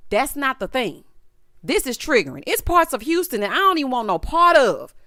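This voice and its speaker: A woman giving a sassy, animated recap and review of a reality show, with lots of asides to the listener. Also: sits high, moderate pace, no room sound, clean studio sound. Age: adult, formerly married. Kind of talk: casual commentary.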